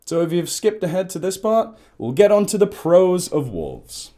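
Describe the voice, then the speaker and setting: Guy rambling on about nature, dark mellow voice, pitch jumps all over. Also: moderate pace. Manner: rambling, chatty and lively. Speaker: ecologist. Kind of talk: casual explainer to camera.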